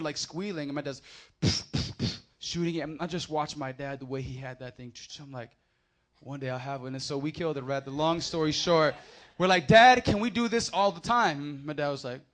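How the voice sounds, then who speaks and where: Fiery preacher man with a bright, soaring voice. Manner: builds to loud emphatic proclamations, then drops low for anecdotes. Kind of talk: sermon with storytelling.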